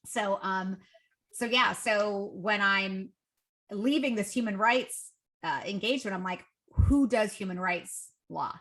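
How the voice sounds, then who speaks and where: Podcast guest, woman, 40s, bright voice, lively storyteller who acts out the dialogue. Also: takes it slowly. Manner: lively, acts out quoted dialogue with raised pitch. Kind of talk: casual interview storytelling.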